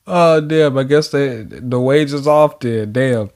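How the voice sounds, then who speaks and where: A man's voice: medium pitch, slow, a little mellow. A man hosting a manga reaction, talking casually with frequent laughter and profane slang.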